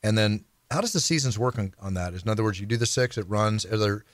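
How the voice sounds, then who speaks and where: A man with a low voice talks quickly as host, eagerly telling stories and firing off questions. The sound is close and dry, with no room around it. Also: dry recording. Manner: enthusiastic, leading storyteller asking questions. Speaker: show host. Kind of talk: interview.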